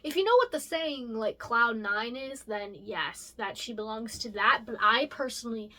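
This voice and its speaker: A young woman chatting casually about her original characters, rambling with lots of fillers and self-corrections and lively jumps in pitch. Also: normal speed. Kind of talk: casual chat.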